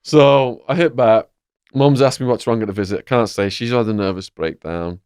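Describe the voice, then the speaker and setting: English man, lively podcast storyteller. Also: medium pitch, normal speed, clean tone, dry recording. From England. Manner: vivid, animated storytelling. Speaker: podcast host. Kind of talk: storytelling in a conversation.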